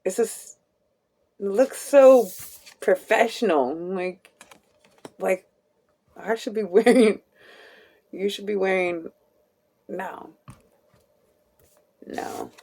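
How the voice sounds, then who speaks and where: Slow, chatty woman reading tarot. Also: medium pitch, mellow, husky. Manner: chatty, laughs often, swears casually; slow, drawn-out delivery. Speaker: tarot reader. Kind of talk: casual live tarot reading.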